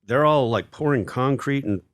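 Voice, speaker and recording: A man as a podcast guest telling a self-deprecating story, halting with many fillers. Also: mid-range voice, no room sound, clean studio sound. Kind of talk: casual storytelling interview.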